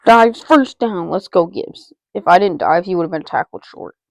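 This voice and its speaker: A woman giving excitable live commentary on her own football video game, repeating player names and talking to herself as she plays. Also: fairly low pitch, normal speed, gravelly, dry recording. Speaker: gaming channel host.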